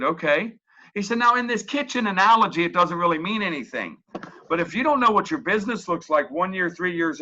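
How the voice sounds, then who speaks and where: A man's voice: high-pitched, sharp tone, dull audio. A man presenting a webinar as a coach, talking in a folksy, emphatic way and repeating his key points. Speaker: real estate coach.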